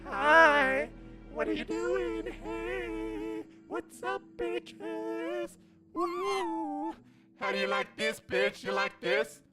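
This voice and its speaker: A man talking through a helium pitch-shift filter as a rowdy, taunting male troll. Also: very animated, extremely slow, over music, exaggerated voice.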